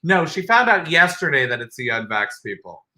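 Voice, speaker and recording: A man co-hosting a podcast, chatting casually with animated, sarcastic asides and frequent laughs. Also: a little high, normal speed, soft background music. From United States. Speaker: podcast co-host. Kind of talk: casual chat.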